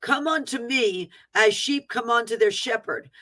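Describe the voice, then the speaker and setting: A woman's voice: fairly high pitch, unhurried, bright, forceful tone. A woman reading a prophetic word aloud with fervent proclaiming, breaking off for plain asides about how the written text looks. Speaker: prophetic minister.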